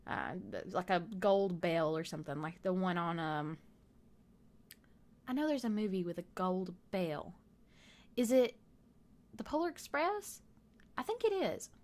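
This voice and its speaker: A woman's voice: fairly low pitch, animated, a little slow, pauses often, darkish tone. Chatty young Southern woman. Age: young adult. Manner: rambling, chatty, easily off topic. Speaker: gaming video creator. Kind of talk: casual chat over a game build.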